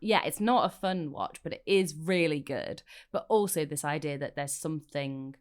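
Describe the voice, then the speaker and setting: A woman's voice: low-pitched, normal speed. A woman co-hosting a film podcast, chatting casually in a playful, opinionated way. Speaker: podcast co-host. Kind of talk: casual film-review chat.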